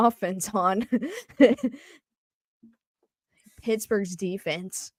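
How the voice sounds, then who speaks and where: A woman co-hosting a live game reaction stream, calling plays with excitement and laughing often. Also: mid-range voice, very slow, long pauses, no room sound. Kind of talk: live play-by-play and casual reaction.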